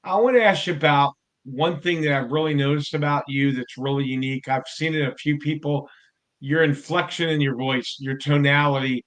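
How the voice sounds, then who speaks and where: A man hosts a casual business interview, full of energy and enthusiasm. His voice sits a little high, and he draws his guest out with eager questions. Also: fairly even intonation, brisk, a bit bright. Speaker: host and company CEO.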